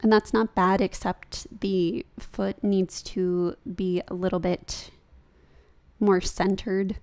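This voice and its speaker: A woman's voice: medium pitch, level tone, slow pace, darkish tone. A young woman talking casually over her own yoga practice as a vlogger, chatty and laughing at herself.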